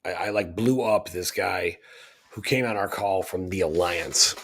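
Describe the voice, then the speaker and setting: A man's voice: sits low, unhurried, a bit bright, slight background noise. A man co-hosting a talk radio show, telling long rambling stories that turn heated. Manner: rambling storytelling with heated bursts. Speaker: co-host. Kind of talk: casual talk radio chat.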